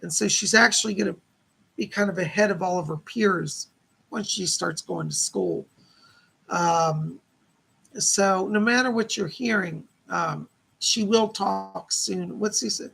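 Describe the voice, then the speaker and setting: Gravelly, husky-voiced man giving psychic readings. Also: high voice, unhurried, a bit bright. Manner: chatty, relays spirit messages and reads viewer questions aloud. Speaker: psychic medium host. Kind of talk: live-stream psychic readings.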